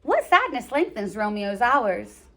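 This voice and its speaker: Woman voicing a happy easygoing young man, upbeat, even-tempered, higher voice. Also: a little slow. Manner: bright and upbeat. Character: cheerful peaceful young man, a cousin.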